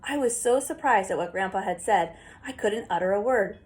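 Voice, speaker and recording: A woman reading a first-person story aloud as an audiobook, in a steady, plain storytelling manner. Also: medium pitch, moderate pace. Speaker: audiobook reader.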